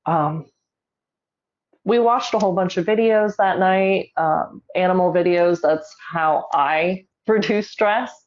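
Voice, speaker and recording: A middle-aged woman telling a personal story in an interview, measured and emotional, holding back tears. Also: lowish voice, muffled recording. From South Carolina, US. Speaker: guest.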